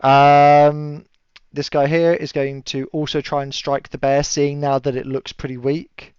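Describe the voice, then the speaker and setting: A man's voice: fairly high pitch, little pitch movement, a little slow, a little mellow, smooth, no echo. A man running a tabletop game as game master, chatty and laughing often, with lots of fillers. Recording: dull lo-fi audio.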